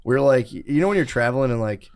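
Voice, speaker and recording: A man's voice: medium pitch, expressive, very fast, darkish tone, clean tone. A man, telling a rambling, profane story in casual podcast chat. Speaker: podcast co-host.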